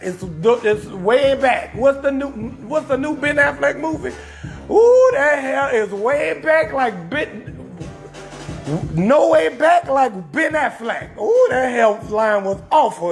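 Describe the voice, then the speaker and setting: High-voiced New Orleans man roasting loudly. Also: creaky. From New Orleans, USA. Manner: loud, profane, shouting bursts, drawn-out punchlines. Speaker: comedian hosting a live show. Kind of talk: live-streamed comedic roast rant.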